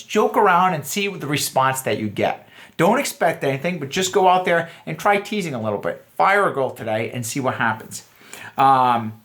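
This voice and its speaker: A man's voice: medium pitch, a bit bright. A man, a dating coach, giving a loose, rambling instructional talk full of fillers and restarts. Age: adult.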